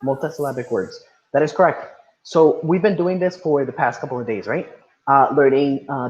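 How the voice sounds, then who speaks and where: A man's voice: medium pitch, darkish tone, muffled recording. A male teacher leading an online class, reading instructions and calling on students by name. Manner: encouraging, calls on students by name. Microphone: video call.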